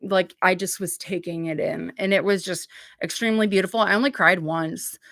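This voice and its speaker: A woman's voice: lowish voice, steady tone, normal speed, gravelly, a bit bright, no room sound, clean studio sound. A woman hosting a livestream in a casual, rambling way, full of filler words and blunt swearing. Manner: rambling, chatty, heavy on "like" fillers. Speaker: livestream host.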